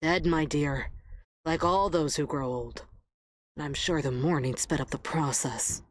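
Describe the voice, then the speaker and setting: A gossiping, low-voiced maid. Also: female voice, unhurried, dry recording. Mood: gossipy. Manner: gossipy, knowing, drops to confiding tones. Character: gossiping hotel maid, worldly coworker. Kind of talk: video game voice acting.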